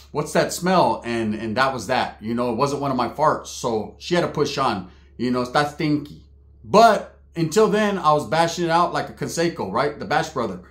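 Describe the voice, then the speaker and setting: Man, comic storyteller, crude slangy delivery, higher register. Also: a bit bright. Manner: slangy, crude, laughing asides. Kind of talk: comedic storytelling. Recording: roomy echo.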